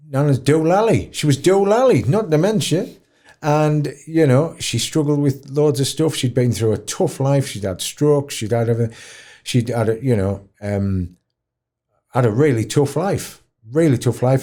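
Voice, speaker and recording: A middle-aged man with a Yorkshire accent, telling stories as a podcast guest in an expressive, self-mocking way. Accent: Yorkshire English. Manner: expressive, swoops high for quoted voices, self-mocking. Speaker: podcast guest, dementia advocate. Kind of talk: animated storytelling in conversation.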